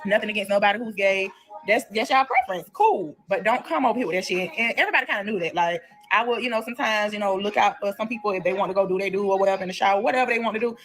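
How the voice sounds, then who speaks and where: Fast-talking, blunt young woman storyteller. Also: mid-range voice, faint music behind. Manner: animated, blunt, profane, addresses listeners as y'all. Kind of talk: casual storytime. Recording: played clip within livestream.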